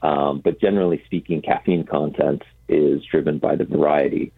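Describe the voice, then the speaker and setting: A man with a very deep, slightly husky voice joins a radio show by phone. He explains things patiently and hesitantly, filling pauses with ums. The dry, tinny phone line narrows his sound. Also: fairly even intonation, no room sound. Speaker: guest, coffee roaster. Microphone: telephone.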